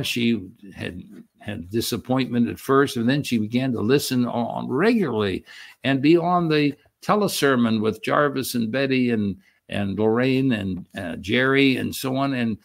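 An older male pastor with a gravelly, creaky voice delivers a sermon at an ordinary middle pitch. He reads the quoted verses slowly with weighty emphasis, then explains them in plain, halting speech full of restarts. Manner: unhurried, halting with frequent restarts and fillers. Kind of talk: sermon, reading and explaining scripture.

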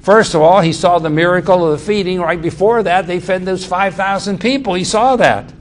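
A male preacher teaching from scripture in a fairly high voice. He speaks emphatically, repeats himself and restarts phrases as he explains. A faint hiss sits under the recording. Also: normal speed. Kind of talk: sermon, Bible teaching.

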